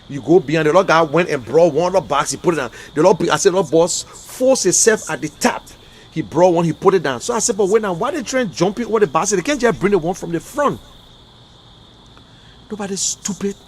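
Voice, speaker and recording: A man's voice: a little high, expressive, a little fast, slightly rough. Emphatic Liberian man ranting on a livestream. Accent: Liberian English. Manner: emphatic, repetitive, swings between muttering and loud outbursts. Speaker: livestream commentator. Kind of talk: impassioned political livestream rant.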